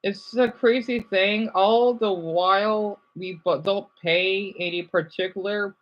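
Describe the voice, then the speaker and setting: A man's voice: sits high, steady tone, takes it slowly, lo-fi sound. A young man reading viewers' chat comments aloud and answering them on a casual livestream. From United States.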